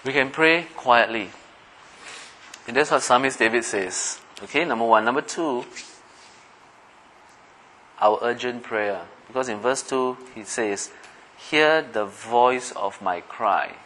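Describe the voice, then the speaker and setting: A man's voice: medium pitch, measured pace, long pauses, sharp tone, slight background noise, poor audio. A middle-aged man preaching a conversational sermon, often checking in with his listeners by asking them questions. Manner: conversational, asks the listeners questions, acts out everyday voices. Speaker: pastor.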